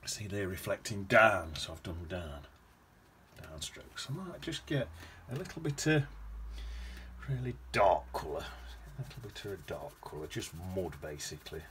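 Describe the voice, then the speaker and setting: Chatty low-voiced man. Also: sing-song, normal speed, a bit bright, slight background noise. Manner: chatty, rambling, hums to himself while painting. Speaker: watercolour painting teacher. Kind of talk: casual painting demonstration.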